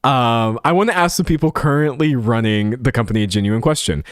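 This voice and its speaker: A man's voice: mid-range voice, a little fast, no echo, clean studio sound. A man talking through a story in casual commentary, chatty and self-correcting as he reads comments aloud. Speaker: commentary streamer. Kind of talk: casual live-stream commentary.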